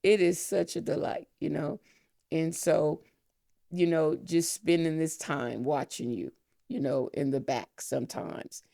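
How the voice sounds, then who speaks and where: Gravelly middle-aged woman, tender blessing. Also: deep voice, steady tone, mellow, dry recording, clean studio sound. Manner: slow, tender, emotional blessing. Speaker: podcast host, mentor. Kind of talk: heartfelt spiritual talk.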